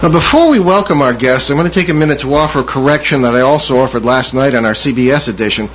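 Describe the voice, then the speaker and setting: An older man, co-hosting a paranormal radio talk show in a measured, formal way. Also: medium pitch. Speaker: co-host. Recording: dull lo-fi radio audio with faint hiss.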